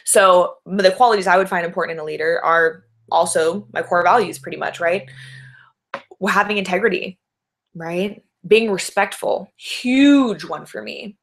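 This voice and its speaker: Gravelly-voiced woman coaching on leadership. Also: fairly low pitch, moderate pace. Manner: encouraging, asks many rhetorical questions with tag "right?". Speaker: life coach. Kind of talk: talking to camera in a webinar.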